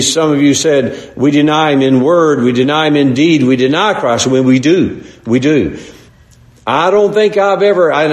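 Earnest preacher in an echoey room. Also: male voice, a little high. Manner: earnest, repetitive, addresses listeners as brethren. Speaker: pastor. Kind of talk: sermon.

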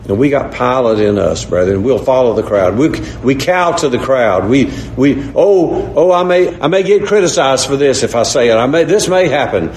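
A man's voice: medium pitch, animated, normal speed, hardly any pauses, darkish tone, reverberant, a little hiss or hum. A man preaching a sermon, earnest and repetitive, often calling his listeners brethren. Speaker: pastor.

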